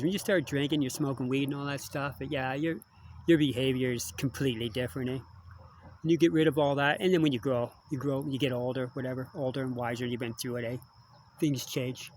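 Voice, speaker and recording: A man's voice: medium pitch, a little hiss or hum. An older man talking in a rambling, casual monologue, digressing often and ending lines with tag questions. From Canada. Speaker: musician vlogger.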